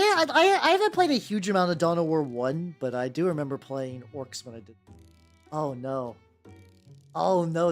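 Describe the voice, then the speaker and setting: A man streaming while painting miniatures, chatting casually and stumbling over words as he corrects himself. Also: on the high side. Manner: rambling, stumbling self-corrections. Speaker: VTuber streamer. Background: soft background music.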